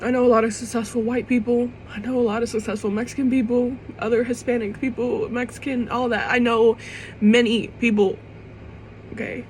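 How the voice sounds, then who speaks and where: A woman's voice: fairly high pitch, level tone, fairly quick, a little hiss or hum, low-quality recording. A young woman vlogging to camera in an emotional personal monologue. She rambles and restarts, swears casually, and fights back tears.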